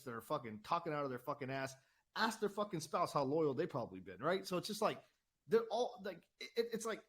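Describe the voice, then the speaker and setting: A man ranting heatedly on his own channel, swearing often, repeating words and asking "right?" again and again. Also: fairly high pitch. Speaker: channel host. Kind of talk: heated political rant.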